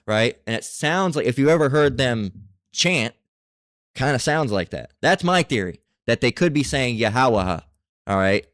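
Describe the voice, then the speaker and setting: A man giving a casual scripture lesson, reading passages aloud and talking in a halting way with many fillers and restarts. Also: medium pitch, animated, a bit bright, no room sound, studio quality. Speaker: religious teacher.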